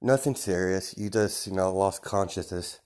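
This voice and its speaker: A man's voice: deep voice, normal speed, darkish tone, close to an everyday voice. A man voicing a scheming young woman villain who talks in a falsely sweet, soothing way, in a fan story. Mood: sugary.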